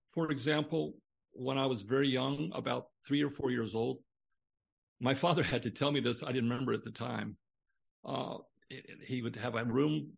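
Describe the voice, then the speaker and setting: A man's voice: medium pitch, gravelly. An older man, a guest on a podcast interview, telling a long personal story in a rambling way with many restarts.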